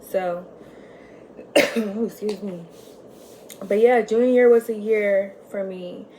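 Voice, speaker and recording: A young woman talks straight to her viewers in a loose, candid way, filling her sentences with "like" and sliding from loud bursts to near-murmurs. Her voice sits at a middle pitch. A light hiss of noise stays under the recording. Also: fairly even intonation, slow. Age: young adult. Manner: candid and chatty, many "like" fillers, swings between loud and quiet. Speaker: vlogger. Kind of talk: casual storytelling monologue.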